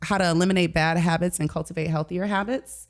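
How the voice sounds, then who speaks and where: A woman's voice: lowish voice, steady tone, fast talker. A woman from Detroit, a life coach, telling her story with passion on a casual podcast interview.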